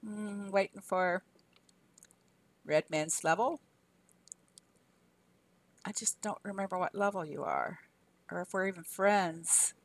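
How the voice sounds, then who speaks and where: Slow and often pausing, this older Southern game streamer from Arkansas chats casually, laughs frequently and answers her viewers aloud. Her voice is mid-range, with no echo.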